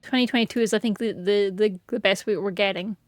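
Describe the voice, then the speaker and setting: A woman's voice: medium pitch, fairly even intonation, fast talker, no echo, studio quality, soft background music. A woman chatting casually and rambling playfully on a game stream, giggling often. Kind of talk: casual gaming stream chat.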